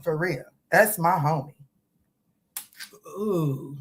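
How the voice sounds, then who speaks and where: This tarot reader, a middle-aged woman, speaks very slowly in a low voice. She keeps things loose and playful on her livestream, laughing often as she responds to what viewers write.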